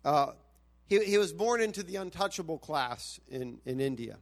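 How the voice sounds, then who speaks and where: A man's voice: on the high side, lively intonation, normal speed. A man, the church's pastor, earnestly introducing a guest speaker to the congregation, often restarting his sentences.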